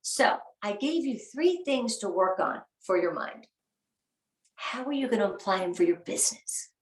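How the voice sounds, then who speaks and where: A woman's voice: mid-range voice, expressive, normal speed. Upbeat woman speaker in an echoey room. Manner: upbeat, earnest, has the audience repeat phrases. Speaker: guest speaker at a sales training. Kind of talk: motivational talk. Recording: echoey room, voice a bit far from the mic.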